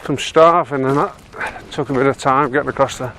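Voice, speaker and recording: This walking guide vlogger from Yorkshire, England, has a mid-range voice with a fairly bright tone and talks at normal speed. He gives casual commentary while walking over windy open moorland, often laughing and making fun of himself.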